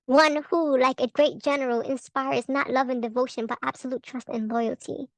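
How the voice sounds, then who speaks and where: Blunt high-voiced woman reading tarot. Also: fairly even intonation, moderate pace, dry recording, rough recording. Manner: blunt and profane, laughing, rambling with restarts. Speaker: tarot vlogger. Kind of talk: casual tarot reading commentary.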